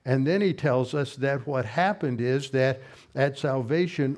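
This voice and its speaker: A man teaches through a passage verse by verse in a sermon. His voice sits at an ordinary middle pitch. He explains the grammar methodically and slows down to stress the words that matter. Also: darkish tone. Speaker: pastor. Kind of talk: expository Bible teaching sermon.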